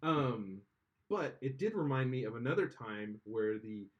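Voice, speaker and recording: A man talks casually on a podcast, rambling through opinions with frequent restarts. His pitch sits in an ordinary middle range. The audio is dull and lo-fi. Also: lively intonation, a little slow. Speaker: podcast co-host.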